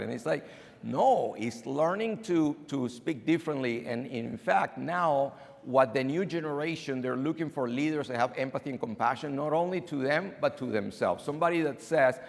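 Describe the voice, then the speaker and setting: Speaking at a moderate pace in a fairly high voice with vocal fry, a keynote speaker from outside the US tells acted anecdotes in his conference talk, animatedly playing out the dialogue. He's in a banquet hall, and the audio carries long hall reverb.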